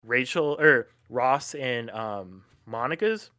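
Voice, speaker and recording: Male podcast co-host, bright tense voice, dry close sound, excitable and loose. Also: mid-range voice, slow pace, dry recording. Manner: enthusiastic, casual swearing, many fillers. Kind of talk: casual film discussion.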